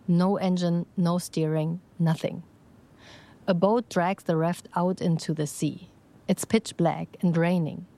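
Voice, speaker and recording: A woman reporter narrating an investigative news piece in a measured, even delivery. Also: on the low side.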